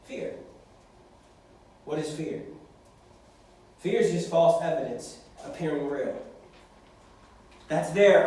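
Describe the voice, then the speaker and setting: A man's voice: high-pitched, a little mellow, distant mic. Man preaching in an echoey hall. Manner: preaching, acting out prayers. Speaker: youth pastor. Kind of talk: sermon to young people. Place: church hall.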